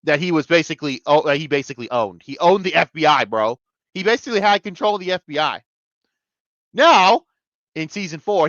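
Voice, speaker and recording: A man's voice: fairly high pitch, fairly bright tone, no room sound, highs cut off. A man reviewing a TV episode in a casual rant, swearing constantly and mocking the characters.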